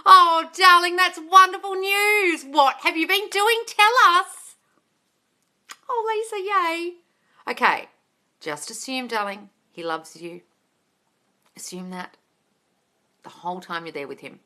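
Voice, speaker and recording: A woman manifesting coach hosting a casual live Q&A, gushing and excitable, calling listeners darling and swearing freely. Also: very high voice, slow pace, long pauses. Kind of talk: casual live-stream Q&A, reading viewer comments.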